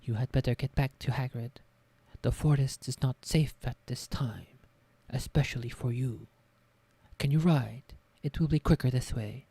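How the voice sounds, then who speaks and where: A woman voicing a calm, serious male centaur who speaks in a grave, measured way. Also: rumbling low, breathy edge, no echo, heavily acted.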